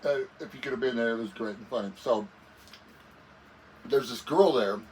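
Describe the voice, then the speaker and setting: A man's voice: mid-range voice, moderate pace, darkish tone. A man guest musician telling stories casually in an interview, rambling and laid-back, often saying "man". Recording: voice a bit far from the mic with faint noise.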